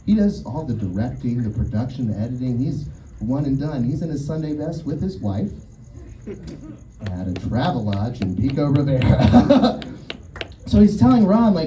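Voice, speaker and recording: A male stand-up comedian works an outdoor show, animatedly telling stories and acting out the quoted voices of their characters. He speaks at medium pitch and a moderate pace. The sound is reverberant and poor, with a distant mic and slight background noise.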